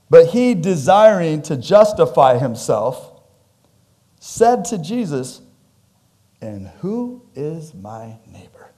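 Slow-paced but animated, a pastor gives a conversational sermon in church and jokes with his congregation. His voice moves widely in pitch and volume.

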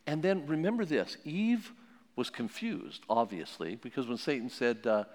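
A man teaching about parenting in a sermon style, telling stories in an animated way and repeating his key phrases. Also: medium pitch, normal speed. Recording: long hall reverb.

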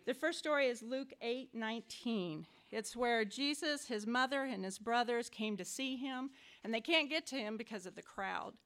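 A woman's voice: on the high side, normal speed. A woman giving a personal scripture reflection to a church group, telling the stories emphatically and with animation. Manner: emphatic, animated storytelling, acts out quotes. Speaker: church member sharing a reflection.

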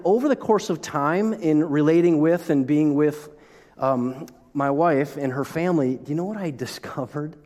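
Animated pastor in a reverberant hall. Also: male voice, fairly high pitch. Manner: animated, joking asides, frequent restarts. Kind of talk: sermon. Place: church sanctuary.

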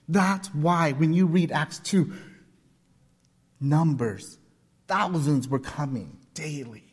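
With a voice on the high side, slightly mellow and a bit rough, a man in his forties delivers a sermon full of personal stories and earnest, emphatic repetition. He is a pastor, recorded with long hall reverb.

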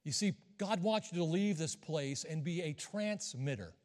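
A high-pitched middle-aged man preaching in a church sanctuary, his voice trailing off into a long hall reverb. He keeps things folksy and conversational, teasing the congregation between points. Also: expressive, moderate pace, a little mellow. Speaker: visiting missionary preacher. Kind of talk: sermon.

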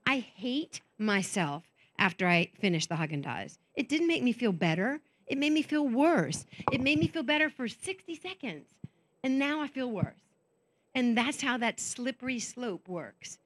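A woman's voice: on the high side, sing-song, moderate pace, a bit bright. A woman speaking at a women's conference. She tells candid, self-mocking stories and acts out the voices of the people she quotes. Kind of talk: conference talk.

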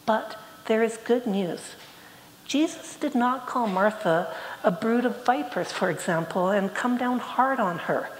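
A woman's voice: a little high, lively intonation, unhurried, a little hiss or hum. A woman preaching a sermon, speaking earnestly and quoting scripture with rising emphasis. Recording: echoey hall, faint ambience.

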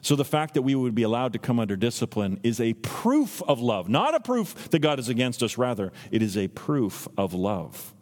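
A man in his thirties preaching a sermon as a pastor, teaching earnestly and acting out quotes in lively voices. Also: medium pitch, normal speed, hardly any pauses, soft background music. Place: church sanctuary. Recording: long reverb from a church hall.

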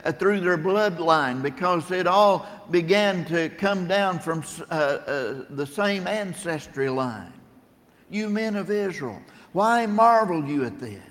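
Preacher with a long hall echo. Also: male voice, fairly high pitch. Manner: plain-spoken, storytelling, rising emphasis on scripture. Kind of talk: sermon. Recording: long reverb of a large room.

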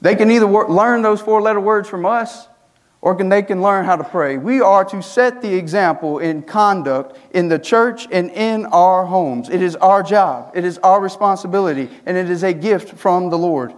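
Man preaching, pitched a bit high. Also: moderate pace. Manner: preaching with rhetorical questions, rising emphasis. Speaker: student pastor. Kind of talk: sermon.

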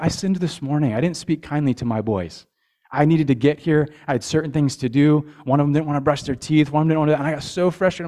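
A man's voice: medium pitch, a little mellow. A man, a father with young boys, preaching a communion sermon in an earnest way, often repeating words and checking in with his listeners. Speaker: pastor.

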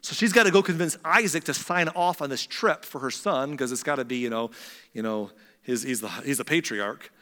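A man's voice: medium pitch, a little fast, pushed and bright, in a large hall. A man preaching, casually retelling a Bible story with chatty asides. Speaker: pastor.

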